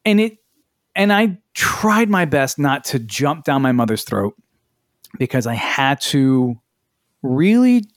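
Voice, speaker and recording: A man co-hosts a podcast in a medium-pitched voice that is very animated yet slow. The dry recording has clean studio sound, and his casual storytelling chat features acted-out quotes and casual swearing.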